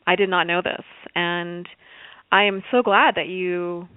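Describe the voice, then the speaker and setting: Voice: mid-range voice, steady tone, unhurried, clean tone, dry recording. Encouraging interview host on a phone line. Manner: encouraging, with frequent affirming sounds. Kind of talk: interview questions and listening. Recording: dry, phone-like narrow sound.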